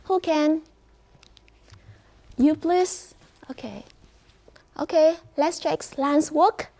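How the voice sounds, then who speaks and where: In a high, warm voice, a Vietnamese-accented woman leads an English lesson. She talks slowly and distinctly, encouraging her students with praise and prompts.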